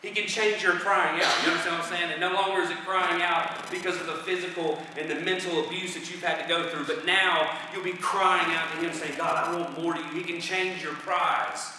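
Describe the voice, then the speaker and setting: A man preaching a sermon, earnest, repeating phrases and slowing down for emphasis. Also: high-pitched, fairly even intonation, noisy background. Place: church hall. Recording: echoey hall from far off.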